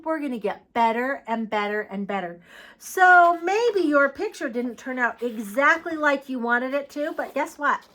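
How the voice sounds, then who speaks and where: A woman reading a storybook aloud to preschool children and talking to them in a warm, encouraging, sing-song way. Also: fairly high pitch, animated, unhurried. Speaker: preschool teacher reading to kids.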